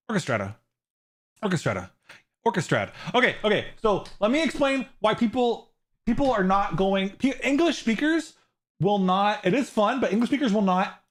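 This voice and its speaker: A man streaming live, chatting casually with his viewers, rambling and laughing often, with many restarts. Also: sits high.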